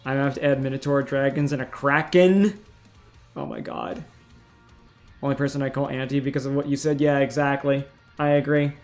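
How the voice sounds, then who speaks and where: A man's voice: mid-range voice, steady tone, a little fast, a little mellow, faint music behind. Stammering, swearing male streamer. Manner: frank, swears often, stammers and restarts. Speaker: streamer host. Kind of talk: casual livestream chat.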